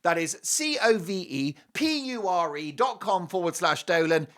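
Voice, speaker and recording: A male talk show host delivering opinionated commentary and a sponsor read. His pitch leaps and dips with lively emphasis, and he leans into punchlines with a jokey, emphatic delivery. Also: normal speed.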